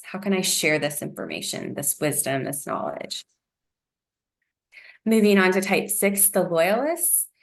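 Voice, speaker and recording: A woman presenting a wellness lesson in a gentle, encouraging way, with frequent "um"s. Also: medium pitch, gravelly. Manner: gentle, encouraging, uses fillers like um.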